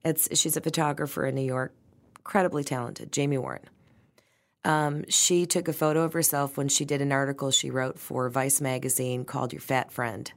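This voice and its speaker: Low, chatty woman chef, emphatic and playful in casual talk. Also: steady tone, moderate pace, vocal fry. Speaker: chef and restaurant owner. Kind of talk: casual conversation.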